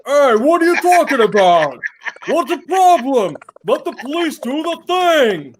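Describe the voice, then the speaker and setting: A man's voice: very high voice, very animated, unhurried, noisy background, voice pushed up, heavily acted. A man putting on an indignant Long Island man with a New York accent, drawn out and exasperated.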